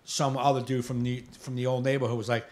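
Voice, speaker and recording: A man's voice: medium pitch, little pitch movement, fast. A man co-hosting a podcast in casual chat, ranting bluntly and with plenty of swearing, and often tossing in short agreeing replies. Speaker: podcast co-host.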